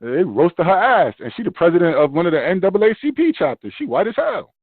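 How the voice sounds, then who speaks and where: A man's voice: high voice, sing-song, quick pace, dry recording. Profane ranting New man, tinny line. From Brooklyn, New York. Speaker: podcast host. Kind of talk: casual chat. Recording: dry tinny phone-like sound.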